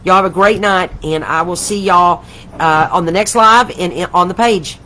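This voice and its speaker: A woman's voice: on the low side, normal speed, bright, forceful tone, slight background noise, low-quality recording. An older woman, hosting a casual craft livestream from home, chatty and rambling, gushing with affection. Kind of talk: casual live craft chat.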